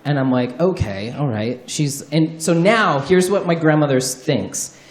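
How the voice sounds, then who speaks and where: A man's voice: on the high side, normal speed. Profane, candid man telling stories on stage. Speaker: storyteller. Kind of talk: live comedic storytelling on stage. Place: live show stage before an audience. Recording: roomy live venue sound.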